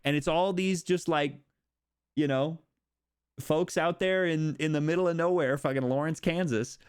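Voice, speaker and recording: A young American man streaming casual chat, rambling and animated, swearing and laughing often as he talks. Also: a little high, moderate pace, clear, resonant tone. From United States.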